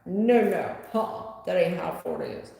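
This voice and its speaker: A woman's voice: fairly low pitch, moderate pace, gravelly, dark tone. A woman tarot reader chatting bluntly with viewers on a live stream. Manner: blunt, chatty, talks straight to the chat. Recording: echoey room with long reverb.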